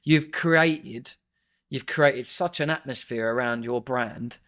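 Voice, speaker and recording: A man talking as a podcast guest, relaxed and chatty, often calling the host "mate". His voice sits at an ordinary middle pitch and has an easygoing, conversational flow. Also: takes it slowly. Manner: chatty, friendly, leans on fillers like "mate". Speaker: podcast guest, graphics company boss. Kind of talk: casual podcast chat.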